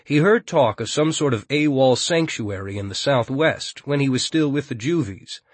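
A man narrating an audiobook in a steady, even storytelling manner. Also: mid-range voice, moderate pace, no echo. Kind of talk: scripted narration.

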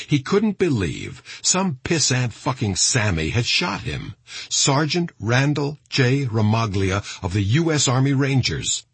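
A man reads an audiobook in a very low, deeply husky voice. His delivery is dramatic, and his pitch rises and falls a great deal. The sound is close and dry. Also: no echo. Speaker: audiobook narrator. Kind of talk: scripted narration.

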